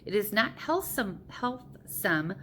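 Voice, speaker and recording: A woman's voice: mid-range voice, sing-song, slow, fairly bright tone, a little hiss or hum. A woman voicing a kindly, clever male giant who pleads earnestly in a raised voice. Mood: coaxing.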